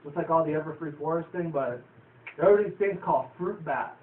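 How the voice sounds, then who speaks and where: A man's voice: a little high, fairly quick, a little hiss or hum. A man casually recapping a cartoon episode in a loose, rambling, profane way, often chuckling. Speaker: vlogger reviewing a cartoon episode. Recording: tinny lo-fi, echoey, distant from the mic.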